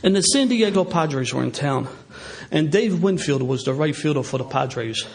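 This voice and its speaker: A middle-aged man with a Philadelphia accent, telling stories as an AA speaker at a recovery meeting, animated and laughing as he talks. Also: fairly high pitch, moderate pace, creaky. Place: meeting hall with a live audience.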